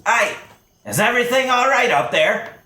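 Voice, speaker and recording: Male player doing a nervous guard who keeps stammering sorry, lively pitch, roomy sound. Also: a little slow, heavily acted. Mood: flustered. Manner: stammering, apologetic. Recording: echoey room.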